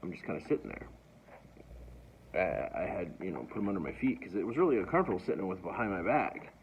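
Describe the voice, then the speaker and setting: A man's voice: low voice, very animated, fast, a little hiss or hum. A man telling a personal story in a casual, rambling way, often stammering and restarting. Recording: dull lo-fi recording.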